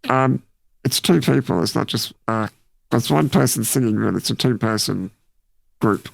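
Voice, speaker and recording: A man's voice: medium pitch, normal speed, gravelly, slightly rough, no echo. A young man, co-hosting a casual podcast chat about music with brief, laid-back remarks. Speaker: podcast co-host.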